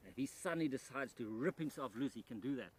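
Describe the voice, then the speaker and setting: A man presenting a wildlife documentary outdoors in rice fields, animated and excited, dropping to a hushed voice near the animal. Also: medium pitch, fast talker, slight background noise.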